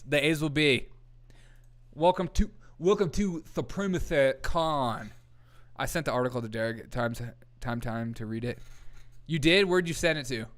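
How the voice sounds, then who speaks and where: A man's voice: mid-range voice, a bit bright, clear, resonant tone. Laughing man hosting comedy news. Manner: joking, laughing, chaotic riffing. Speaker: host.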